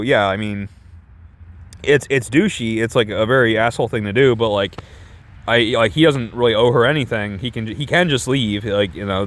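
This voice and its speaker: A man's voice: medium pitch, fairly bright tone. Guy ranting about a movie, sarcastic, swears a lot, keeps restarting sentences, normal mid voice. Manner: rambling, sarcastic, profane, full of restarts. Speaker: movie reviewer. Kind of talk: casual chat.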